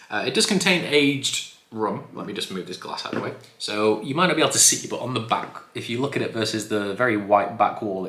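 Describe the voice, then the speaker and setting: Guy reviewing rum, chatty and excited, bright tone, roomy echo. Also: fairly low pitch. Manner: chatty, enthusiastic, self-correcting. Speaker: spirits reviewer. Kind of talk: casual review vlog. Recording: echoey room.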